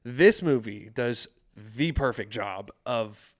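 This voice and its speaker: A man's voice: mid-range voice, expressive, slow pace. A man co-hosting a podcast in casual chat, rambling and hesitant, swearing casually. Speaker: podcast co-host.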